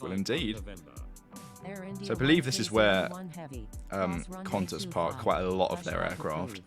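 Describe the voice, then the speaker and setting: An easygoing man narrates each step as he flies on a live stream. His voice sits on the low side. Faint background music runs under his talk. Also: a little slow. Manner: easygoing, narrates actions as he goes. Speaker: stream host flying the simulator. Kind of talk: casual live-stream commentary.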